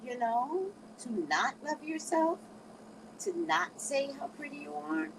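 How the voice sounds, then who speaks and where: On poor audio with slight background noise, a middle-aged woman shares casual motivational advice in a high-pitched, unhurried, creaky voice. She is animated and acts out quoted speakers in changing voices.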